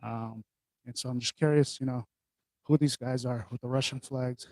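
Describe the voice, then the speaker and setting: A man's voice: medium pitch, steady tone, moderate pace, darkish tone, no room sound. A man reporting live on foot from an outdoor rally, chatting loosely to viewers and interviewing passersby, with casual swearing and frequent restarts. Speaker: street reporter livestreaming.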